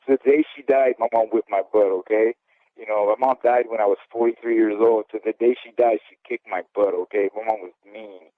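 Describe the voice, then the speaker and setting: A man's voice: on the low side, fairly even intonation, fairly quick, no echo. A man in his fifties, a former boxer, telling his life story in an interview in a candid, rambling way, often asking "okay?". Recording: dry, phone-like audio.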